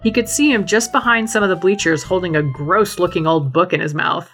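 A woman's voice: lowish voice, brisk, a bit bright, breathy edge, soft background music. Playful woman reading a comic story. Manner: playful, laughing often. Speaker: podcast co-host reading fan fiction.

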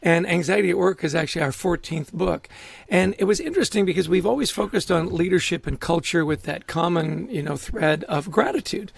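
A middle-aged man, a guest author in a conversational podcast interview, telling animated stories and acting out quotes. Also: high voice, fairly quick, creaky, husky, no room sound. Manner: animated storyteller, acts out quotes, laughs often.

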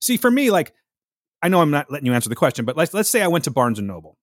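A man hosting a casual chat, asking quick, playful, self-deprecating questions. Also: a little high, sing-song, dry recording, studio quality.

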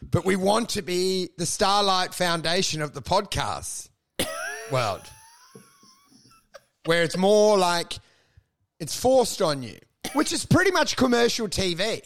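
High, gravelly guy riffing. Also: big pitch swings, slow, pauses often, a bit bright. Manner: rambling, self-mocking, sweary riffing. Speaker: podcast co-host. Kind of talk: casual comedic podcast chat.

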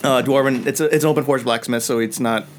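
A man's voice: mid-range voice, steady tone, quick pace, a little hiss or hum. Laughing man running a tabletop game. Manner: laughs often, many fillers. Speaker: game master.

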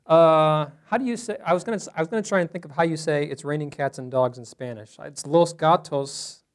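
A man's voice: a little high, fairly quick. A man teaching a Bible study class to a small group in a room, talking conversationally and asking the group questions.

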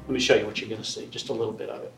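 A man defense attorney making a closing argument to a jury with forceful, repetitive persuasion. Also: mid-range voice, level tone, rapid-fire, creaky, music in the background. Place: courtroom. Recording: roomy distant courtroom audio.

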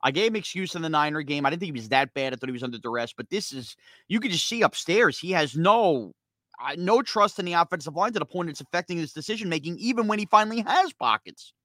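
A man hosting a sports podcast, ranting heatedly in a rapid-fire, fired-up way that gets loud at times. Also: fairly high pitch, lively intonation, dry recording. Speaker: sports talk podcast host.

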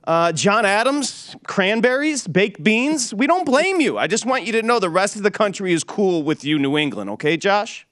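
A man from Detroit hosts a sports betting show, and his voice sits slightly high. The sound is close and dry, with no room around it. He teases his co-host in a wry, mock-solemn way. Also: lively intonation, normal speed, few pauses, fairly bright tone, no room sound. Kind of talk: sports betting radio chat.

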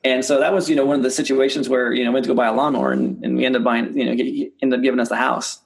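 Fast-talking gravelly man telling stories. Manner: animated, acts out quoted dialogue with rising pitch; many restarts and repeated words. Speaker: real estate investor guest. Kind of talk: casual storytelling in an interview.

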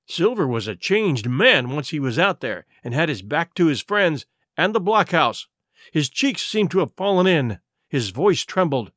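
A man reading a classic adventure story aloud in a measured, expressive way. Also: fairly high pitch, dry recording, studio quality. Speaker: audiobook narrator. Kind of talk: storybook narration.

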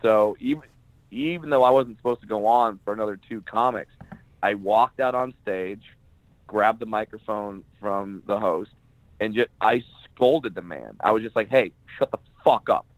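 A man's voice: fairly low pitch, normal speed, dry recording, poor audio. A male stand-up comedian on a podcast interview, casually telling blunt, profane stories and acting out the people he quotes.

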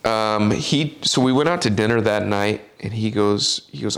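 A man who works as a caddie, telling a story in a podcast chat and acting out the quotes with animated delivery. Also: on the low side, normal speed, creaky.

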